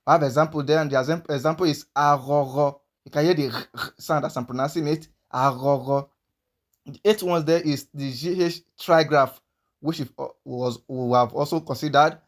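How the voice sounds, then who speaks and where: Man slowly teaching sounds by repetition. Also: on the high side, fairly even intonation. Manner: slow, repeats each sound several times. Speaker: language teacher. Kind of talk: slide-by-slide language lesson.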